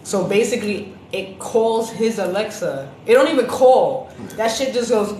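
A woman chatting casually on a podcast, telling lively stories with plenty of swearing and acted-out voices. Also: mid-range voice, normal speed, few pauses. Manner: animated storyteller, profane, acts out other voices. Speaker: podcast co-host. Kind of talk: casual chat. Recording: roomy with background noise.

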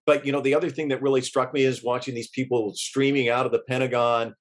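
A middle-aged man, a journalist, recalling what he witnessed in an interview, earnest and halting, with many restarts and fillers. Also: mid-range voice, little pitch movement. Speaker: journalist eyewitness.

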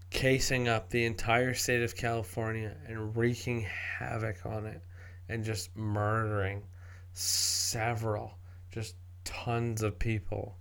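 A man with a gravelly, creaky voice talks at a slow, unhurried pace, sitting a little low in pitch. He rambles in a casual way, restarts his phrases often and swears freely. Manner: rambling, profane, frequent restarts. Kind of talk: casual spoken commentary.

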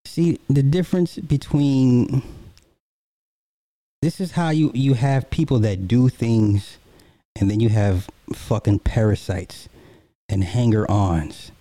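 A man's voice: mid-range voice, takes it slowly, warm tone, no echo. A man giving a heated, profane reaction commentary in blunt everyday speech.

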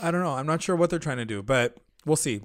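A man's voice: fairly high pitch, animated, fast talker, dry recording. Man chatting loosely in a dry room. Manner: loose, rambling retelling with frequent filler words. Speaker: podcast co-host. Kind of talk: casual chat recapping a TV episode.

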